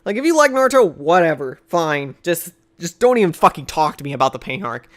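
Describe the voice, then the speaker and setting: Man, high-pitched voice, casual q&a rant, swears a lot, exasperated. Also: fairly quick. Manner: animated, profane, exasperated ranting. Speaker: video creator answering viewer questions.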